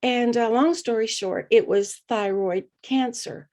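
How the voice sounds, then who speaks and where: A middle-aged woman with a voice pitched a little high tells her own story as a podcast guest. She speaks earnestly and reflectively, often pausing on small hesitant fillers. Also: darkish tone. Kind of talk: personal storytelling.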